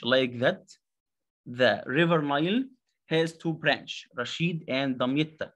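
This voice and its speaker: Slow, halting Egyptian teacher. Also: male voice, on the high side, fairly bright tone. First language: Arabic. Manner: halting, many fillers and repeated words, drills pronunciation. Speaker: English teacher. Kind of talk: slow classroom explanation.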